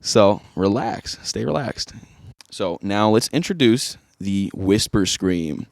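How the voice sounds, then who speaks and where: A man's voice: lowish voice, lively intonation, takes it slowly, vocal fry, dry recording. A man giving a casual, easygoing singing tutorial as a vocal coach.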